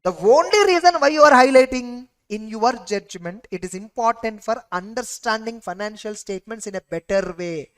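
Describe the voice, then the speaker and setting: A woman's voice: fairly high pitch, animated, normal speed, hardly any pauses. A woman with an Indian English accent giving an exam revision lecture, emphatic and repeatedly quizzing her students with rhetorical questions. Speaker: audit lecturer.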